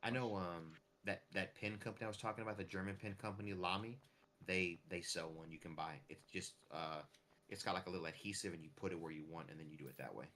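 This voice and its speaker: A man's voice: low voice, fast, fairly bright tone, slight background noise. An American man streaming a game, chatting casually with lots of fillers and restarts. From United States. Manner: rambling, full of fillers and restarts. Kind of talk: casual chat while streaming a farming game.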